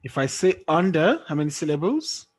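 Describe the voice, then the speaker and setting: A man's voice: on the high side, very animated, moderate pace, slightly rough. A man teaching an online English lesson, patient and quizzing students, often checking with "okay?". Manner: patient, checks understanding with frequent "okay?" and quiz questions. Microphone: screen-sharing call or recording.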